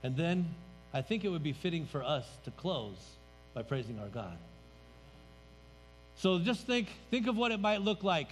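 A man's voice: a little high, big pitch swings, moderate pace, long pauses. A man pastor preaching a sermon in a church sanctuary, conversational and emphatic, letting his voice drop at the ends of phrases. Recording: reverberant hall, faint music.

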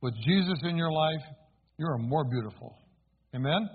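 A man with a slightly high, husky voice tells his story in a sermon. He speaks earnestly and turns to the congregation with questions. The sound is thin and tinny, like a phone line. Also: lively intonation, normal speed. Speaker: preacher giving testimony. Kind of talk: sermon testimony.

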